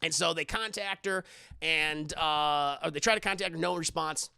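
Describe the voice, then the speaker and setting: Profane, rambling streamer who talks to chat, gravelly and dry. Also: male voice, on the high side, normal speed, sharp tone, no echo. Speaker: livestream movie reviewer. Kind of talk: casual retelling of a film to a live chat. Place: home streaming setup.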